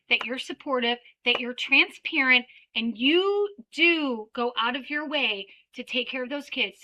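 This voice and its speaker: A woman giving an energetic training talk for child care owners, peppering her points with "right?" and acting out little scenes. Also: high voice, rough recording. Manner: animated, acts out little scenes with children and parents.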